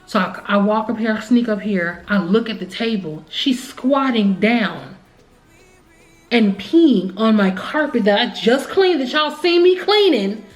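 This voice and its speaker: Candid, rambling woman vlogger, echoey room sound. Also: fairly high pitch. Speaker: family vlogger. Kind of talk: casual vlog storytelling.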